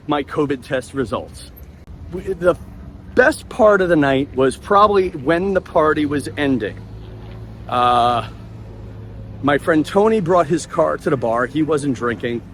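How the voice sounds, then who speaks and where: A man's voice: a little high, a little hiss or hum. A man in his forties hosting a podcast, talking in a joking, rambling way while walking outdoors at a beach and recording on a handheld phone. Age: 40s. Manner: animated, joking, rambling asides. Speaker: podcast host. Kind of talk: walking vlog monologue.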